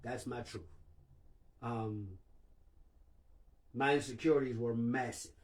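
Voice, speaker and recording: A man's voice: medium pitch, steady tone, slow pace. A man hosting a livestream, talking candidly and emotionally and swearing freely. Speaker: livestream host.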